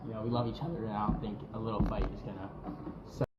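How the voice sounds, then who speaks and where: A man's voice: fairly low pitch, flat delivery, fast talker. A man in a streamed clip, talking reflectively and rambling with many fillers. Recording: dull echoey room with clear background noise.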